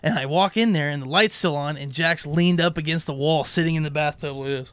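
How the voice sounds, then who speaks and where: A young man telling a story in casual chat, animated and swearing, acting out what others said. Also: on the high side, a little fast, clean tone, no room sound. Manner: animated, swearing, acts out quotes.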